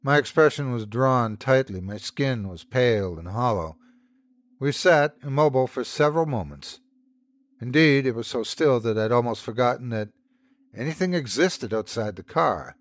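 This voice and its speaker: A man hosting a podcast, giving a slow, hushed, suspenseful scripted narration of a horror story. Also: medium pitch, lively intonation, no echo.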